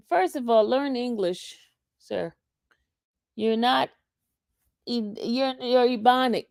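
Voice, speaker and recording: A woman's voice: on the high side, slow pace, gravelly, long pauses, darkish tone, dry recording, clean studio sound. A woman hosting a casual livestream, reading chat comments aloud and taunting a commenter. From New York. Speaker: livestream host.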